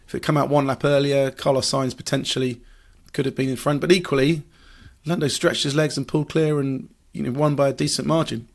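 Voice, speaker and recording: A man's voice: medium pitch, level tone, fairly quick, creaky. A man, a motorsport journalist, explaining racing strategy in a podcast discussion, analytical with frequent fillers and restarts.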